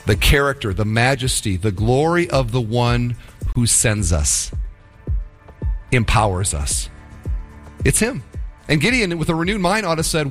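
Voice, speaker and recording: A male pastor delivering a sermon with emphatic, animated storytelling. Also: medium pitch, normal speed, long pauses, soft background music.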